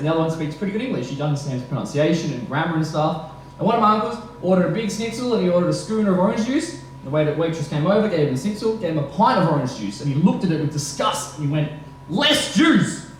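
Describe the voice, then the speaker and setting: A young man doing stand-up, his high voice hesitant and full of fillers. The mic catches a heavily echoing room with faint noise behind him. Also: animated. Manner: nervous, halting delivery with fillers and laughs. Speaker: stand-up comedian. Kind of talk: stand-up comedy set. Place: comedy venue with audience.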